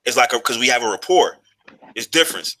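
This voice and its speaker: A man's voice: medium pitch, lively intonation, fairly quick, sharp tone, a little hiss or hum. A man in his thirties telling a personal story in a loose, profane, casual monologue, full of fillers and restarts. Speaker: vlogger.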